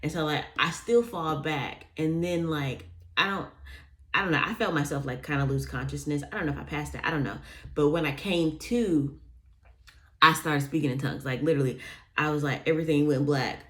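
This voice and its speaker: A woman's voice: low voice, a little fast. A young woman casually telling a personal story, rambling with lots of fillers and restarts, sometimes dropping to a near-whisper on asides.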